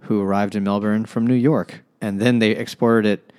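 A man's voice: fairly low pitch, steady tone, moderate pace, a little mellow. A man co-hosting a podcast in casual chat, with a dry, offhand way of talking. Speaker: podcast co-host.

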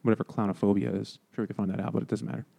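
A man talks fast and loose in a casual podcast chat. His voice is dark and mellow. He keeps tossing in puns and jokey asides. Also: fairly low pitch, flat delivery, gravelly. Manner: joking, quick asides and puns. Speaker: podcast co-host.

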